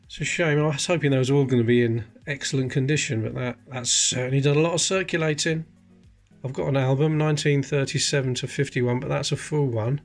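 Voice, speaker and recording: A man's voice: mid-range voice, steady tone, brisk, faint music behind. A man hosting a coin collecting channel, chatting casually and explaining details while handling coins. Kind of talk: casual coin-sorting commentary.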